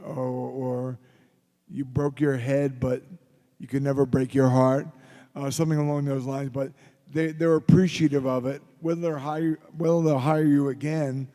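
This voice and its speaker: A man's voice: medium pitch, level tone, moderate pace, mellow. A man from Philadelphia telling rambling, joking anecdotes as a guest at a convention panel Q&A. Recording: reverberant convention hall.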